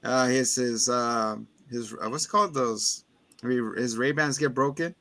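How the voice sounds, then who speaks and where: A man's voice: medium pitch, moderate pace, dry recording. A man co-hosting a casual movie review chat, retelling scenes with lots of acted-out voices. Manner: animated, acts out scenes in put-on voices. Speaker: podcast co-host.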